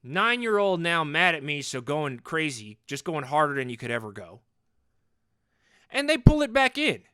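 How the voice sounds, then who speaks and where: A rambling, boastful middle-aged dad who can't stand losing, as a man improvises him on a comedy podcast. His voice is bright and clear, sitting a little high and swinging freely up and down as he goes. The sound is close and dry. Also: sing-song, moderate pace, no echo. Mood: worked up. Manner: rambling, boastful, repeats himself. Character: hot-headed, overcompetitive middle-aged sports dad. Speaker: podcast host in character.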